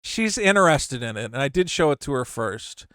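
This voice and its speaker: A man, in the middle of a story, quoting a smooth-talking woman scammer who is breezy, persuasive and hurried. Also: medium pitch, sing-song, fairly bright tone, no echo, clean studio sound, voice pushed down.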